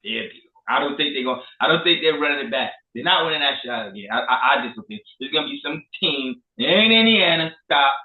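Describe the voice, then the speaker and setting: A man co-hosting a casual sports talk show, animated and profane. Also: fairly high pitch, quick pace, hardly any pauses. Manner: animated, profane, trash-talking. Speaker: co-host. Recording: echoey room, phone-like lo-fi.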